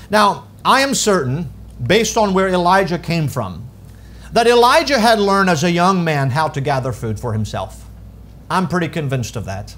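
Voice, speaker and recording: A pastor preaches to his church in a high voice that leaps and drops. He swings between loud, ringing calls and quiet, low lines, giving each point dramatic weight in the sanctuary. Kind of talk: sermon.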